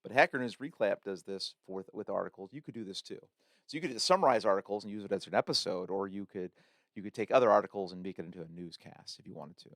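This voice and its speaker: A man hosting a podcast, walking through a software tool in a chatty, loose tutorial with many fillers and restarts. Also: fairly low pitch, fast, dry recording, clean studio sound. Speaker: podcast host. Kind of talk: casual tutorial walkthrough.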